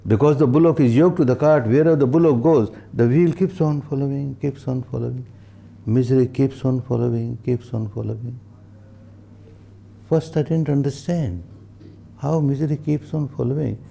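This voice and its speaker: An older man giving a meditation teacher's dharma talk, slow and emphatic, repeating phrases for stress and chanting verses. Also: medium pitch, creaky, mellow, slight background noise.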